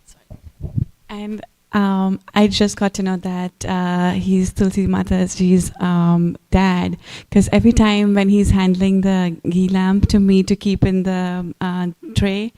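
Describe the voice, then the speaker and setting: A woman in a temple audience speaking up, hesitant and halting, with many fillers. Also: mid-range voice, little pitch movement, dark tone, smooth. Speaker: devotee in the audience.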